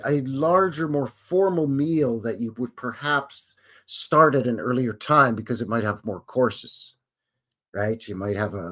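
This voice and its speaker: Rambling chatty male livestream host. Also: medium pitch. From Canada. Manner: rambling, chatty, self-questioning. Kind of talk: casual chat with live viewers.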